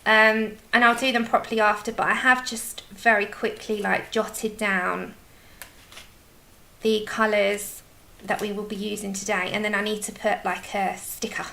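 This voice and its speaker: A woman's voice: medium pitch, fairly even intonation, unhurried, creaky, pushed and bright. A woman hosting a casual colouring livestream, chatting effusively and greeting viewers by name. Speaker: livestream host. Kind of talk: casual chat while colouring.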